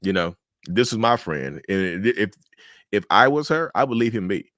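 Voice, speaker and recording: A man's voice: fairly low pitch, expressive, normal speed, fairly bright tone, no echo, clean studio sound. A man, giving casual, emphatic commentary on a viewer's story with lots of rhetorical questions. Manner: emphatic, rhetorical questions, says y'all often.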